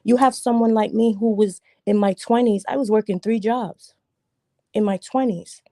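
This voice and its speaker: Emphatic woman from Jamaica, mellow and dry. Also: fairly high pitch, steady tone, normal speed, dry recording. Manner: emphatic, argumentative, repeats points for stress. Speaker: livestream panelist. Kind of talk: livestream discussion.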